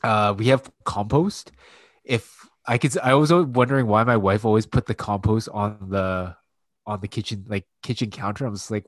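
Guy in his 30s ranting about his kids, lots of swearing and "like", low-ish voice, dead dry sound. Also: moderate pace, no room sound. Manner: loose, profane storytelling with many fillers. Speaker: podcast co-host and father. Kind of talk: casual chat.

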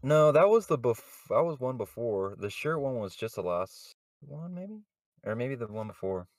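A man's voice: mid-range voice, very animated, moderate pace, no echo, studio quality. A man hosting a casual podcast chat, rambling with many fillers and chuckling often. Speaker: podcast host.

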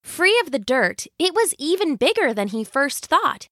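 A woman narrating a folk tale as a storyteller, slow and expressive. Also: high voice, no echo, clean studio sound.

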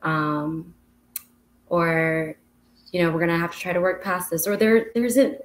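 Speaking at a measured pace, the young woman has a fairly low, steady voice, and a slight hiss or hum can be heard. She's a podcast co-host in casual chat, reflecting on things with lots of fillers.

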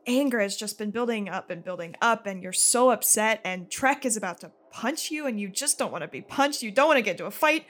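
A woman's voice: mid-range voice, expressive, brisk, few pauses, a bit bright. A woman narrating a tabletop role-playing game as game master, casual and laughing often.

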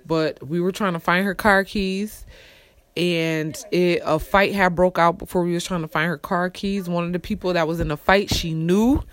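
Foul-mouthed young woman ranting. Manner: blunt, heavy swearing, swings from low mutters to loud outbursts. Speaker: storyteller vlogger. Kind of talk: casual storytime rant.

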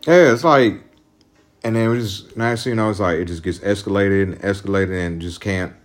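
A man's voice: on the low side, normal speed, soft background music. A man hosting a podcast alone, venting in a profane, rambling, agitated monologue about a breakup. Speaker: podcast host.

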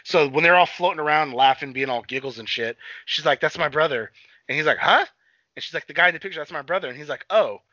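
Fast-talking young man, profane rambling recap. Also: on the high side, sharp tone, no echo. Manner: rambling, swears freely, acts out characters in quick voices. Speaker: podcast co-host. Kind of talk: casual profane chat recapping a TV episode. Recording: dull lo-fi sound.

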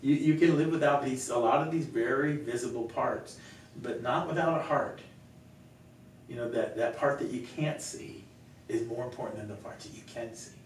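A male pastor talking earnestly in a conversational Q&A, telling stories with gentle laughs. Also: moderate pace. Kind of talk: conversational Q&A teaching. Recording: echoey room, mic far off, faint rumble.

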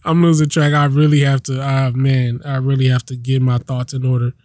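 A man's voice: medium pitch, level tone, fairly quick, darkish tone, dry recording, clean studio sound. A man hosting his own podcast, ranting in a casual, emphatic way, repeating himself and swearing freely. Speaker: podcast host. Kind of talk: casual solo rant.

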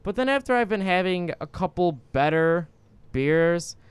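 Give me a tipsy male podcast host with a smooth voice, recorded dry. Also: high-pitched, lively intonation, moderate pace, no echo. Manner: rambling, lots of fillers. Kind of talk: casual beer-tasting chat.

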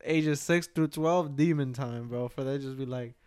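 A man's voice: mid-range voice, moderate pace, darkish tone, smooth. A young man co-hosting a podcast, bluntly and casually speaking with lots of slang. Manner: blunt, slangy, says bro a lot. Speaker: podcast co-host. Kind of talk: casual chat.

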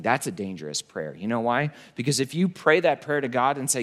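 A man preaching a sermon as pastor, repeating key lines with emphasis and dropping low and slow to stress a point. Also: very animated, fairly bright tone.

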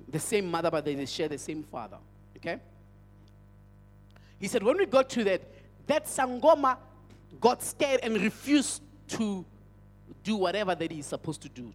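A male pastor with a South African accent, preaching a sermon as an emphatic storyteller who repeats his phrases. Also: sits high. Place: church hall. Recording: church hall with long reverb.

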